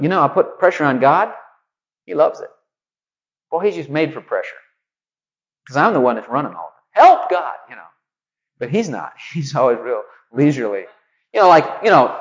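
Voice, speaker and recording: A man preaching a sermon in a loose, conversational way, full of asides. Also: a little high. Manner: conversational, animated storytelling, many asides.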